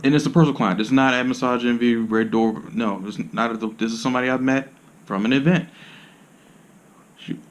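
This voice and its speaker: A massage therapist rambles to camera in a casual monologue, full of blunt, profane slang and sudden jumps in loudness. His mid-range voice holds a steady tone at a slightly fast pace, with slight background noise.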